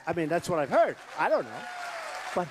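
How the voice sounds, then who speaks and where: A man's voice: a little high, huge pitch swings, brisk, background noise. A man giving a rambling, boastful campaign rally speech, repeating himself and acting out the voices of people he quotes. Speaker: presidential candidate. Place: school hall at a rally. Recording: long hall reverb.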